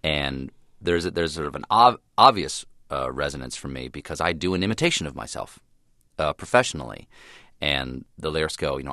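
Deep low-voiced guy, interview guest, thinking out loud, trails off and restarts, dead dry studio sound. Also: lively intonation, no echo. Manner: thoughtful, trailing off, with restarts and sudden fast bursts. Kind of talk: reflective radio interview.

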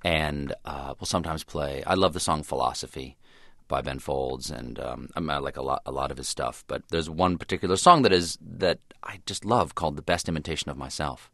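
Deep-voiced man musing in an interview. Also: vocal fry, bright, forceful tone, no room sound, clean studio sound. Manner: thoughtful, trailing off, with restarts and sudden fast bursts. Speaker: guest. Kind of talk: reflective radio interview.

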